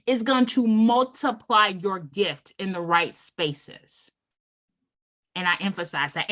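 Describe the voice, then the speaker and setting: A woman giving a motivational club speech, emphatic and deliberate, pausing between numbered points. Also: lowish voice, sharp tone. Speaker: club speaker.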